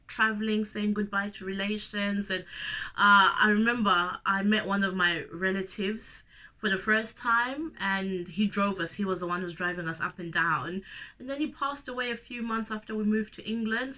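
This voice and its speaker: A woman's voice: medium pitch, normal speed, bright, forceful tone. A young woman from Zimbabwe with a cold, telling a personal story to camera in a chatty, emotional way. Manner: chatty and emotional, addresses viewer directly. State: has a cold. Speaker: vlogger.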